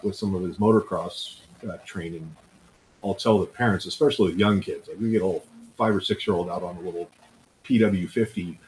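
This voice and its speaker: A man's voice: low-pitched, a little mellow, slight background noise, poor audio. A man co-hosting a podcast in casual chat, telling stories and acting out the voices of people he quotes. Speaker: podcast co-host.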